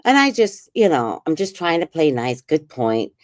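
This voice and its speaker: A woman's voice: sits low, normal speed, no room sound, studio quality. A middle-aged woman casually telling a personal story as a podcast host, laughing and quoting others in put-on voices. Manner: animated, laughing, quotes people in put-on voices.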